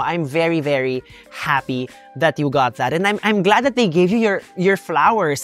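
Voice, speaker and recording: Brief: Filipino-accented co-host, warm-hearted support, teasing jokes, casual code-switching podcast talk. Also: mid-range voice, dry recording. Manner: supportive, joking. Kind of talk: casual podcast chat mixing English and Filipino.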